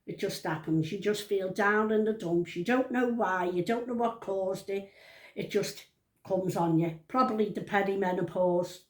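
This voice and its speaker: A woman's voice: medium pitch, normal speed, roomy sound. Chatty nan in her 70s, rambles, keeps cutting herself off, just talking at home. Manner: chatty, rambling, self-interrupting. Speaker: vlogger telling a family story. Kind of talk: casual storytelling to camera.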